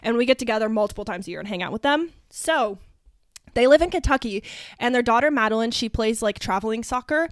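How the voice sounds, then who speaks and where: A woman's voice: fairly high pitch, animated, quick pace, no room sound, clean studio sound. A young woman from Ohio co-hosting a podcast, chatting in a bubbly, chatty way with lots of fillers. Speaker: podcast co-host. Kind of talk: casual chat.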